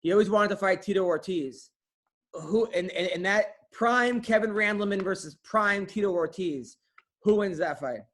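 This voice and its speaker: A man with a notably high voice hosts a podcast interview. He asks eager, curious questions and often stumbles over his phrasing. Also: normal speed, fairly bright tone. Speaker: podcast host.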